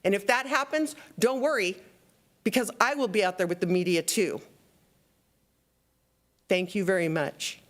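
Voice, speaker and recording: A woman's voice: medium pitch, a little slow, long pauses. A woman giving an angry, impassioned public comment at a school board meeting, upset and shaking as she scolds the trustees. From outside Texas. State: shaking with anger.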